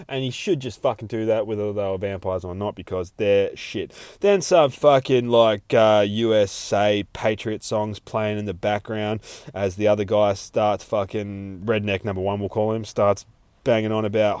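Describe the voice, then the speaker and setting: A man's voice: on the low side, unhurried, darkish tone, no room sound. A man hosting a podcast, recapping a comic in a casual, profane, rambling way and laughing often. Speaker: podcast host.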